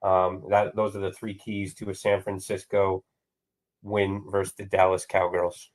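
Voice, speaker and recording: A man co-hosting a casual sports talk show, halting through fillers as he reads team stats. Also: sits low, completely flat delivery, low-quality recording. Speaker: show co-host.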